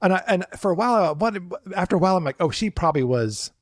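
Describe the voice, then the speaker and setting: A man's voice: high-pitched, lively intonation, fast, dry recording, clean studio sound. A man co-hosting a podcast, telling a work story in casual chat and acting out the people in it with raised voices. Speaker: podcast co-host, former theme park worker.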